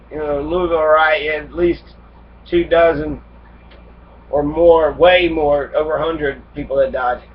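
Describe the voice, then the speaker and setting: Profane man lecturing from a distance. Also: a little high. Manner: reads passages then riffs with heavy profanity; acts out immigrants' complaints in angry voice. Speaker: history lecturer. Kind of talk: profane casual history lecture. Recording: dull distant lo-fi recording with faint noise.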